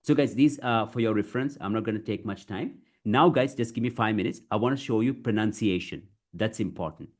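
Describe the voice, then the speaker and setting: Husky-voiced man drilling pronunciation. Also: lowish voice. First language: not English. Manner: slow, chunked pronunciation drills with many repetitions; addresses listeners as guys, says you see often. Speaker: public speaking teacher. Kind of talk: online class lesson.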